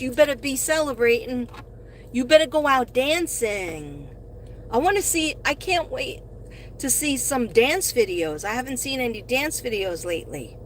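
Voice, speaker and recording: Woman, middle-aged, fairly high voice, chatty live-stream host, rambling, phone in a car, faint road hum. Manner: chatty, rambling, gushes when thanking viewers. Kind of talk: casual live-stream chat.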